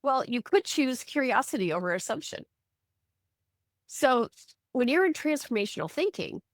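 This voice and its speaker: Animated woman coaching on a live stream. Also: high-pitched, moderate pace, pauses often, no room sound, studio quality. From Midwestern US. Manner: animated, acts out quoted voices, self-deprecating asides. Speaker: ADHD coach and guest speaker. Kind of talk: teaching talk on a live video stream.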